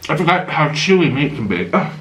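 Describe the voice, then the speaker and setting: Animated, gasping man telling a story while eating. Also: fairly high pitch, fairly quick, roomy sound, slight background noise. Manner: animated, gasping and murmuring between bites. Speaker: mukbang vlogger.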